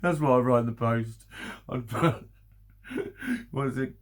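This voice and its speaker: A man's voice: mid-range voice, normal speed. A man, exhausted and rambling through an emotional personal vlog, swearing often and breaking into nervous laughs. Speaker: vlogger.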